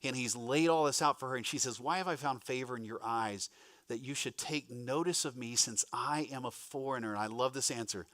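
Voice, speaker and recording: A man's voice: medium pitch, fairly quick, a bit bright, dry recording, studio quality. A male pastor giving a conversational sermon, breaking off for asides to the congregation. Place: church.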